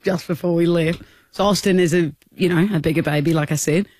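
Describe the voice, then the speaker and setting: A young woman co-hosting a podcast, telling lively stories in casual chat and acting out kids' voices. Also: lowish voice, fairly quick. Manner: animated storyteller, acts out kids' voices. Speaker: podcast co-host.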